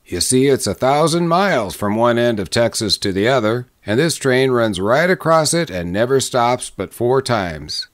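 A man's voice: mid-range voice, big pitch swings, moderate pace, few pauses, natural voice. A man voicing a proud, newly married western husband who speaks in a plain, boastful way.

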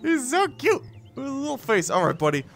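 A man hosting a gaming video, playing a virtual reality fishing game with excitable, playful running commentary, laughing and talking to the fish. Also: very high-pitched, fairly quick, gravelly.

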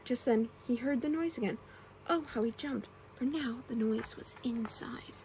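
Brief: young woman, whispered role-play storyteller, soft hushed reading, a touch high, faint hiss behind. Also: moderate pace. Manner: soft, often whispered reading with playful character voices. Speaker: ASMR storyteller.

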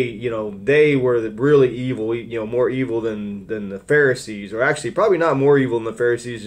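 A man explaining scripture in a loose, conversational way. He circles back often and restarts his sentences. His pitch sits in an ordinary middle range. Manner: rambling, with frequent restarts and fillers. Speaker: Bible teacher. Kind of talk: informal scripture commentary.

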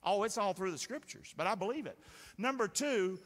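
A man's voice: sits high, expressive, moderate pace, a bit bright. A man preaching a sermon from the stage, drawing responses from the congregation with repeated questions. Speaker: pastor. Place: church sanctuary. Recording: reverberant sanctuary sound.

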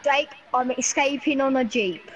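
A woman's voice: high-pitched, moderate pace, slightly rough, rough recording. A woman playing online with friends, teasing her teammates and calling out to them in voice chat. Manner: teasing and giggly, calls out to teammates. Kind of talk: casual gameplay chat.

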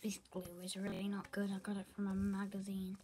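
A mellow, mid-range woman's voice belongs to a young girl vlogger who talks a little fast in a monotone. She makes school supplies for a chatty craft tutorial, rambling, chatting to herself as she works, and occasionally whispering, with slight background noise behind her.

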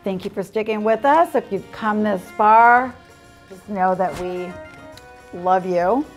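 A woman's voice: medium pitch, takes it slowly, soft background music. A woman hosting a casual cooking demonstration, chatty and playful with upbeat asides. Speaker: cooking show host.

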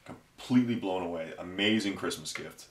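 A low-voiced man in a casual unboxing vlog, so moved he is close to tears. He stumbles and restarts as he gushes. His voice rings in an echoey room. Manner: emotional, effusive and halting, with many restarts. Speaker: miniature wargaming channel host.

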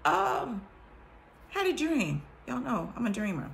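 A woman's voice: fairly high pitch, unhurried, gravelly, noisy background. A woman chatting casually to her viewers about her faith and the lessons she has learned, often breaking into laughter. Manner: animated, laughs often, addresses viewers directly. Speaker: vlogger sharing a faith testimony. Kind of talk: casual testimony chat.

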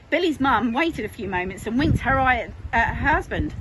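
A woman with an English accent, a primary school teacher, reading a picture book aloud to children in an expressive, sing-song way. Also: high-pitched, quick pace, hardly any pauses. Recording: noisy home recording.

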